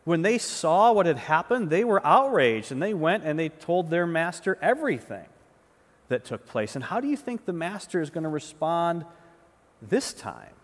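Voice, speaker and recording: Male pastor, lively and fairly high-pitched, conversational sermon with stumbles and "right?", long hall reverb. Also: moderate pace. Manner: conversational preaching, repeats words, often asks "right?".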